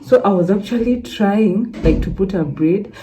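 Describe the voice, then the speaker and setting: A woman's voice: medium pitch, normal speed, warm tone. A woman chatting casually to her viewers in a home vlog, often calling them "guys.". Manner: chatty, keeps saying "guys". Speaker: vlogger. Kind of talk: casual vlog chat to camera. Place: home with building work nearby. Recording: noisy home phone recording.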